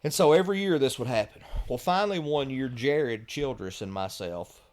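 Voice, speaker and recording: A man's voice: medium pitch, normal speed. Guy in his middle years telling funny old stories on a podcast, laughs at his own punchlines. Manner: lively anecdotal, chuckles through punchlines. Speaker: podcast guest. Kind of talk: casual storytelling.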